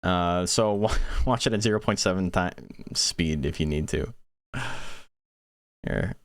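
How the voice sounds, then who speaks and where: A man giving casual play-by-play commentary on a monster-raising game tournament, chatting quickly and answering questions from chat. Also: sits low, clean tone, dry recording.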